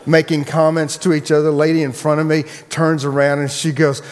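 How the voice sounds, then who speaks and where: A man, the pastor, preaching a sermon and telling a personal story in a relaxed, chatty way with frequent restarts. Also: fairly high pitch, a little fast, in a large hall, slight background noise. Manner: casual storytelling, many restarts.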